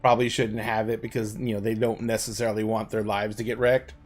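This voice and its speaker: A man's voice: on the low side, little pitch movement, quick pace, voice pushed down, lightly acted. A man doing a blunt teenage girl. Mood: sarcastic.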